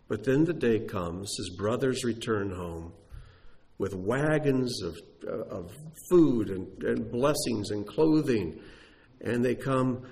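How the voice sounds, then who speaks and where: A man's voice: mid-range voice, expressive, normal speed, a little mellow. A man preaching a sermon who tells stories with emphasis and asks rhetorical questions.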